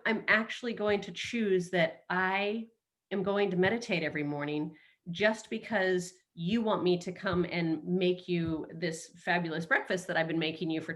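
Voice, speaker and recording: A middle-aged woman with a slightly low voice talks about self-awareness in a loose, chatty coaching style. She is animated and playful and often acts out her own inner voice. She is heard over a video call. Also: normal speed. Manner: animated, playful, jumps into quoted self-talk. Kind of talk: casual conversational coaching.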